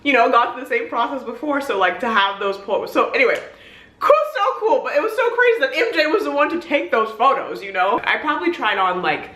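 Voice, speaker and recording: A young woman vlogger telling an excited story in casual chat, peppering her talk with "like". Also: a little high, quick pace, few pauses, echoey room. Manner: gushing, excitable, heavy on "like". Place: hotel room.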